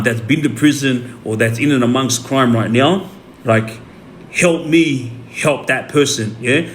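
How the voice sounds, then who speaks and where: A man's voice: medium pitch, a little hiss or hum. An Australian man talking casually to followers on a livestream, rambling with many fillers and repeated words. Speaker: livestream host.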